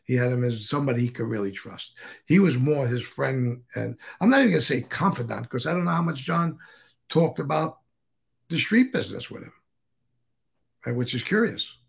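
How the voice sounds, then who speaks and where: A man's voice: mid-range voice, animated, normal speed, creaky. A man as an interview guest, telling stories casually in a rambling way, swearing freely and restarting sentences.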